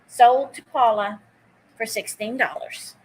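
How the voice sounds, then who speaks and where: A woman's voice: on the high side, steady tone, slow pace, background noise. A woman hosting a live online vintage sale. She chats casually, greets viewers by name while she takes bids, and drops easy asides. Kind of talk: live-stream auction chat.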